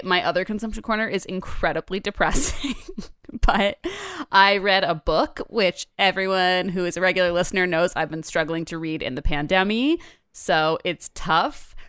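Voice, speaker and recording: A woman's voice: fairly low pitch, fairly bright tone, smooth, no room sound, studio quality. A young woman co-hosting a podcast, talking candidly and enthusiastically, with casual swearing. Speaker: podcast co-host. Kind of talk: casual chat.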